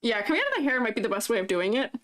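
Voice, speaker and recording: A woman races through her words in a high-leaning, slightly bright, very animated voice while she draws on stream. Reviewing avatar designs, she chats casually, laughs often, reads viewer comments aloud and playfully teases chat, with faint music in the background.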